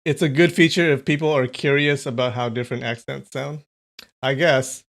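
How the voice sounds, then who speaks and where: Male streamer, casual and amused, middle pitch, off-the-cuff chat to viewers. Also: steady tone, moderate pace, gravelly, a bit bright. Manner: chatty, amused, talks to chat. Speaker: live-stream host.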